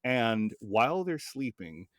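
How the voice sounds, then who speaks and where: A man who runs tabletop games, telling stories from his campaign in relaxed, rambling podcast chat. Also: mid-range voice, slow, dry recording, clean studio sound. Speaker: game master.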